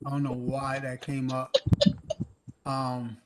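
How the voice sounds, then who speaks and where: A man's voice: medium pitch, slow, slight background noise. A man hosting an open mic over a video call, joking and telling stories in casual chat. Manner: joking, animated storyteller.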